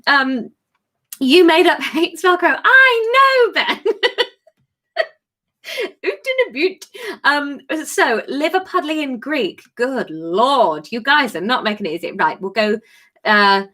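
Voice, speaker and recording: A woman's voice: sits high, animated, a little slow, pushed and bright. A woman comedian chatting casually on a live stream, giggly and self-mocking as she reads her own story. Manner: giggly, self-mocking, laughs through lines. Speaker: comedian hosting a live book club.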